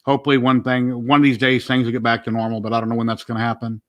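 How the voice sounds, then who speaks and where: A man's voice: medium pitch, completely flat delivery, rapid-fire, fairly bright tone, dull audio. A man hosting a casual livestream chat, plain-spoken and opinionated. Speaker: livestream host.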